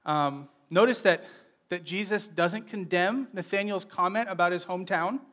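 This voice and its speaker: A man teaching a sermon on a Bible passage in a conversational way, often checking in with "right?" and retelling scenes in lively everyday speech. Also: high-pitched, normal speed.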